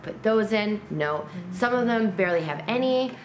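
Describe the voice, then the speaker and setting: A woman's voice: medium pitch, animated, moderate pace. Brief: woman, casual teasing chat, room echo around her voice, light background hiss. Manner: teasing, laughing, plainspoken. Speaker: host's partner and co-player.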